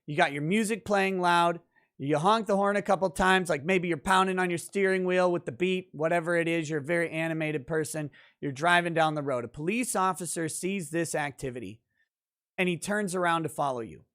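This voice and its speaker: A male lawyer in a casual commentary video, talking through a court decision in a conversational, emphatic way. His voice sits a little higher than most men's, and he stops now and then to think aloud over the text. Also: a little fast, a bit bright. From central Minnesota, United States. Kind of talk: legal commentary.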